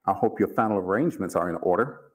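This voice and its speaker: A man reading aloud, voicing a calm, formal mortician who speaks with polite, amused menace. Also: low voice, voice pushed down. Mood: cool menace. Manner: measured, formal, coolly amused. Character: calm, cold-blooded older male mortician, polite and menacing.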